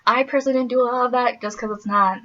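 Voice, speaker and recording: A woman's voice: fairly high pitch, steady tone, rapid-fire, pushed and bright. Young adult woman from the Midwest, laughing vlogger chat, slightly muffled recording. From American Midwest. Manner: chatty, laughing, full of fillers. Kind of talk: casual vlog chat.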